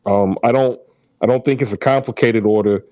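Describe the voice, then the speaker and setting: A man's voice: on the low side, steady tone, a little fast, darkish tone, no echo. A man in his thirties hosting a casual online chat, who laughs easily and rambles loosely through an ad read. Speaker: host.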